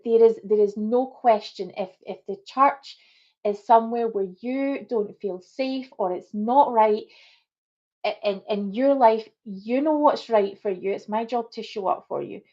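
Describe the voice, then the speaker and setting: Woman host, slow and deliberate, earnest, muffled lo-fi video call sound. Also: mid-range voice. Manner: earnest, deliberate, warmly addressing viewers. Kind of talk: livestream discussion hosting.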